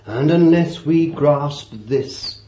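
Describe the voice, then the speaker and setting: A man preaching a sermon, swinging from loud declarations to hushed asides and repeating phrases for emphasis. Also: a little high, very slow, a little hiss or hum. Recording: roomy, dull old sermon tape.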